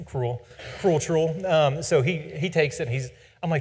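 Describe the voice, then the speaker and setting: A man's voice: medium pitch, moderate pace, darkish tone, slightly rough. A man in his forties telling a rambling personal story with self-deprecating humor. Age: 40s. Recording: long reverb.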